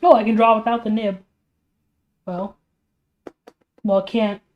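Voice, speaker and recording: A woman's voice: medium pitch, level tone, unhurried, highs cut off. Tired, exasperated young woman streamer. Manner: exasperated, rambling rhetorical questions. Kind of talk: casual commentary while drawing.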